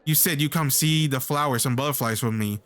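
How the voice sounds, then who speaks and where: A man's voice: medium pitch, brisk, a bit bright, close to an everyday voice. A sulky, childish young oracle girl, voiced by a man in a mid-range voice from a fantasy game. She whines and pouts through her lines. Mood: petulant. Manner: petulant, whiny.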